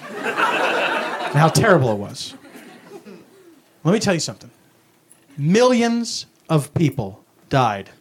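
A male stand-up comedian performing a routine with a dramatic, drawn-out delivery. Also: on the high side. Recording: noisy live stand-up recording.

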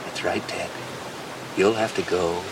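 A man's voice: deep voice, fairly even intonation, a little slow, background noise. An actor playing a stern, wealthy father who threatens his son in a comedy sketch. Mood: menacing. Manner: stern, menacing.

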